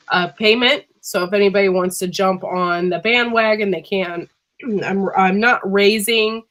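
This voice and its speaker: Woman host, sick with a cough, bright tense tone, loose and chatty. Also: mid-range voice. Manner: chatty, laughing, says freaking a lot. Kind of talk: casual live-stream chat.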